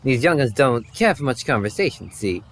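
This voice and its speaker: A man voicing a gruff, folksy middle-aged cart driver with a slow, put-on regional lilt. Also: medium pitch, big pitch swings.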